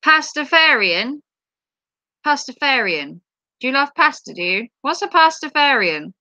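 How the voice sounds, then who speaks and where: A woman hosting a casual livestream who reads viewer comments aloud, flustered and apologetic as she thinks out loud. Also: sits high, very animated, brisk, no echo, poor audio. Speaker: livestream host. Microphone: tablet device.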